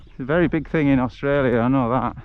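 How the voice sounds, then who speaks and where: A man's voice: mid-range voice, fast talker, lo-fi sound, a little hiss or hum. A man chatting and joking while he livestreams a walk through the countryside. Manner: chatty, jokey storyteller who laughs at his own stories. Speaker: travel livestreamer. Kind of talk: casual chat on a livestreamed walk. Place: outdoors in the countryside.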